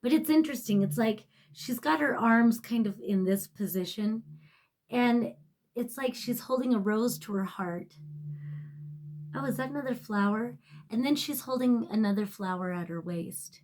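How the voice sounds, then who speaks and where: A woman's voice: fairly high pitch, normal speed. Emotional, swearing woman tarot reader. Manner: emotional, rambling, swears freely, often drops to a soft near-whisper. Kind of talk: casual tarot reading to camera.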